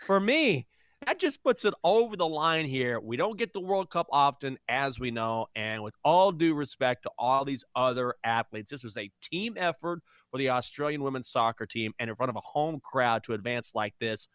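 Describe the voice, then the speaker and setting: Relaxed man talking sports, dry studio. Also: medium pitch, normal speed, clean tone, no echo. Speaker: co-host. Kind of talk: casual sports talk.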